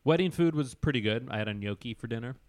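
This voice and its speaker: A man chatting casually on a podcast, rambling through stories with plenty of "uh" and "like". His voice sits at an ordinary middle pitch. The sound is close and dry, with no room around it. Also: lively intonation, fast talker, a little mellow, dry recording. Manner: rambling, enthusiastic storyteller with fillers. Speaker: podcast co-host. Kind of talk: casual chat.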